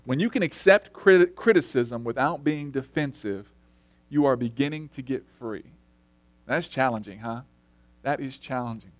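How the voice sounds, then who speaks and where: A middle-aged man preaching a sermon in an earnest, storytelling way, dropping soft and then rising emphatic. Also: medium pitch, moderate pace, dry recording. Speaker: lay preacher.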